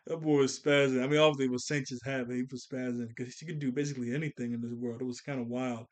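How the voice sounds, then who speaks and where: A man's voice: medium pitch, fairly even intonation, rapid-fire, few pauses. A man giving a casual, rambling anime film commentary, often laughing and losing his train of thought. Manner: rambling, laughs often, loose slangy delivery. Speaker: anime reviewer.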